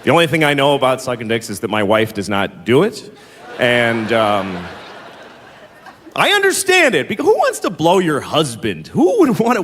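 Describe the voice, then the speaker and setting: A middle-aged man doing a stand-up comedy set on stage, with exasperated, mocking delivery and sudden high shouts. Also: slight background noise. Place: large venue with a live audience. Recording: live hall recording with long reverb.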